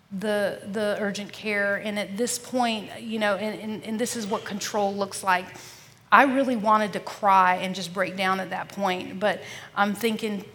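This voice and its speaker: Earnest woman sharing her testimony, reverby. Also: mid-range voice. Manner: earnest, addresses listeners as y'all; often drops to a soft, hushed voice. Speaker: podcast guest. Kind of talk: personal faith testimony.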